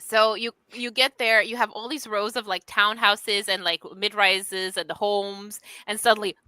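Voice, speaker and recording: A woman's voice: mid-range voice, little pitch movement, moderate pace, bright, forceful tone, clear, resonant tone, dry recording. A Canadian woman ranting in casual podcast chat, swearing freely.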